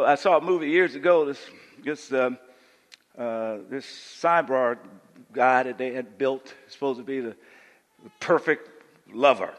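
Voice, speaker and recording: A man preaching a sermon as pastor, swinging between hushed lines and loud emphatic ones. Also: mid-range voice, long reverb tail.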